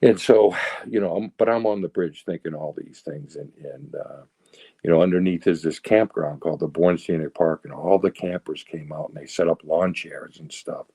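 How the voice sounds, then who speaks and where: A very low, gravelly man tells his recovery story in a rambling, conversational way. His husky voice sounds dark and dry, close to the mic with no room around it. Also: normal speed, no echo. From south of Boston, Massachusetts. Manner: rambling, tags lines with "right?" and "you know". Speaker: recovery speaker.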